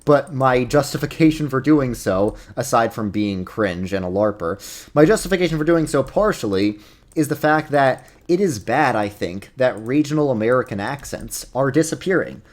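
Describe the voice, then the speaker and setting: A man's voice: medium pitch, lively intonation, normal speed. A young man with a New York accent, hosting a casual video with rambling, self-deprecating commentary. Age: young adult. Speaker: YouTuber host. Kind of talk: casual commentary over gameplay.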